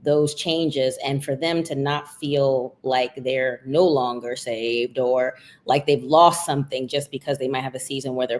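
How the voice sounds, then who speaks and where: Woman, very low pitch, guest author and minister, thoughtful, conversational interview, frequent fillers. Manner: thoughtful, talks through ideas with many fillers.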